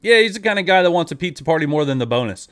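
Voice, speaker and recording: A man's voice: a little high, expressive, racing, a bit bright. A man ranting at his viewers in a live video, profane and exasperated, talking straight at them. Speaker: online creator.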